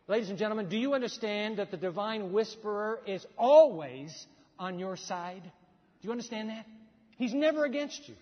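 A man preaching a sermon as pastor, telling a story with animated voices for the people in it. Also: high-pitched, fairly quick. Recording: dull sound with long hall reverb.

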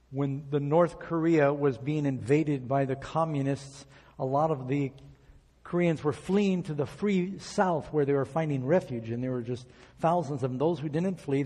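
A man's voice: medium pitch, warm tone. Man preaching a sermon in a reverberant hall. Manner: reads scripture aloud and acts out quoted prayers.

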